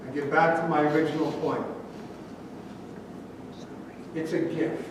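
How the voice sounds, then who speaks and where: A man's voice: on the high side, flat delivery, fairly quick, distant mic, background noise. A male pastor preaching a sermon in a conversational way, telling stories with light humor. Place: church sanctuary. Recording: echoey church hall from afar.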